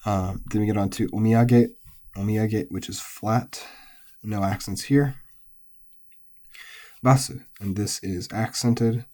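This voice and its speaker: Casting note: man, lower-pitched, mellow tone, a relaxed language teacher talking through vocabulary with frequent fillers. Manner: relaxed, explains step by step with many ums and uhs. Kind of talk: recorded pitch-accent lesson.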